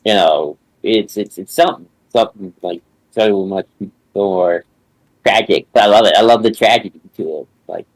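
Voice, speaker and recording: A man chatting as a podcast guest, relaxed fan talk with many "you know"s. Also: lowish voice, moderate pace, rough recording. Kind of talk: casual chat.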